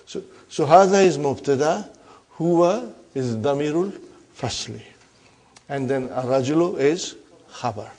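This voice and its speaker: A man with a fairly high voice teaching a grammar lesson to a class. He reads example sentences slowly, repeats key terms, and keeps asking the room whether they follow. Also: expressive, a little mellow. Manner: checks understanding with frequent questions.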